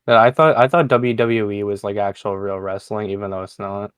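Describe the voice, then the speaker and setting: Young male co-host, quick wisecracks, dry close-mic sound. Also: on the low side, steady tone, clear, resonant tone, dry recording. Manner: quick joking interjections. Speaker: podcast co-host. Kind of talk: casual chat.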